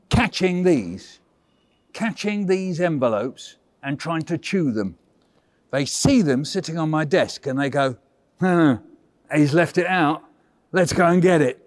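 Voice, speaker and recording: A man telling stories to a class of small children, animated and playful as he chats and jokes with them. His voice sits a little high for a man. The sound is dry and close, with no echo from the room. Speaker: visiting children's author. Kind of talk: lively storytelling to young children. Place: hospital school classroom.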